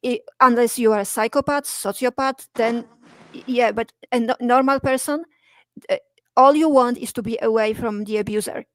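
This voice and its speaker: Emphatic woman guest, hesitant, higher voice, dry close sound. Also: moderate pace, no echo. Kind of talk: casual chat.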